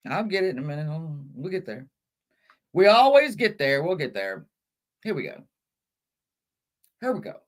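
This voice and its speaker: A woman hosting a casual livestream with a lively, swooping voice. She talks in a scattered, chatty way to her viewers. She curses often and mocks herself. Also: low-pitched, normal speed, long pauses. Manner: scattered, chatty, cursing, self-mocking. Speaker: livestream host.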